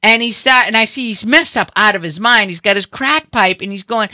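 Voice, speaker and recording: A middle-aged woman hosting a casual chat, telling an animated story and acting out other people's voices. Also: fairly high pitch, brisk, hardly any pauses, no room sound.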